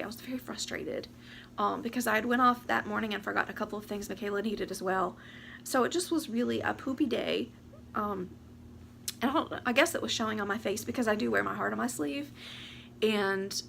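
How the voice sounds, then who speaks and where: A woman, speaking into a camera mic with a very gravelly, fry-filled voice. She rambles emotionally and sounds close to tears. A faint hiss sits under her words. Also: fairly high pitch, fairly bright tone. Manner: emotional, rambling, talks fast and laughs through tears. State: teary, close to crying. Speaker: vlogger. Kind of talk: casual chat to camera. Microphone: camera or phone mic.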